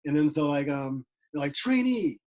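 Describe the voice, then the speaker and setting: Young air force vet co-host, slightly high voice, rambling chat, many fillers. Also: male voice, fairly even intonation, fairly quick, darkish tone, poor audio. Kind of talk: casual chat.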